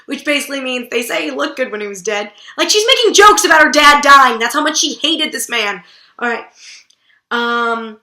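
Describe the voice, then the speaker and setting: A woman's voice: high voice, lively intonation, a little fast, pushed and bright, echoey room. A woman hosting a book vlog, giving casual literary commentary in a blunt, irreverent way and swearing casually. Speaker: book vlogger host.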